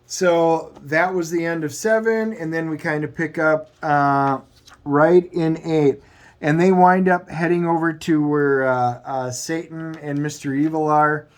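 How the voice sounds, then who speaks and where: A man with a somewhat high voice hosts a comic book review show. He recaps the plot casually, rambling along and often restarting his sentences. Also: steady tone, a little slow. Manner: rambling, loose retelling with frequent restarts.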